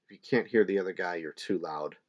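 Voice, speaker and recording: A middle-aged man teaching ukulele in a relaxed, chatty way, with fillers and small laughs. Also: low-pitched, brisk, dull audio. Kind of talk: casual instructional talk. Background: ukulele playing between phrases.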